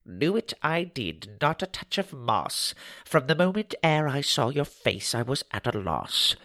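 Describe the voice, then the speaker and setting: A man voicing a small, mossy, riddling forest gnome who speaks in rhymes with twisted word order, in a nasal, gravelly voice. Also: medium pitch, big pitch swings, measured pace, sharp tone, dry recording, studio quality, voice pushed up, exaggerated voice. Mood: cryptic. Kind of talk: storybook character voice.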